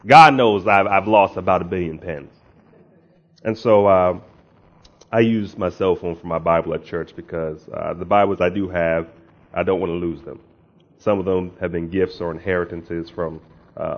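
A man preaching as a pastor, speaking in a conversational way that rises into emphatic bursts, praying and reading scripture aloud. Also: deep voice. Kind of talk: sermon with prayer and scripture reading. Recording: dull lo-fi sound.

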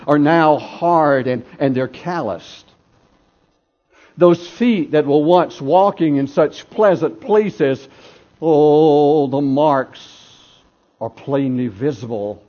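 A man preaching a dramatic sermon, telling a story with swells of intensity and drops to hushed tones, in a dull lo-fi recording. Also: on the high side. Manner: dramatic, swelling then dropping to near whispers.

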